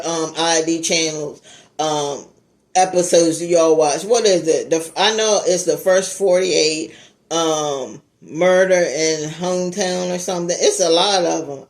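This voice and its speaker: Animated woman telling a story to her viewers. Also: fairly low pitch. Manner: animated, laughing, swearing, talks straight to viewers. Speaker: YouTuber. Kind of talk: casual story time.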